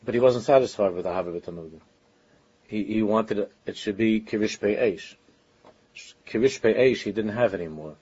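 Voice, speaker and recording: Husky, low-voiced male religious teacher. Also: a little mellow, highs cut off. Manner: earnest, conversational, with frequent halting restarts. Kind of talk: informal Torah lecture.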